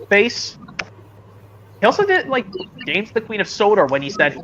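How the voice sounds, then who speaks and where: A man's voice: sits high, big pitch swings, moderate pace, long pauses, sharp tone, muffled recording, a little hiss or hum. A man streaming a casual chat, rambling and hesitant, with many restarts, heard over a video call.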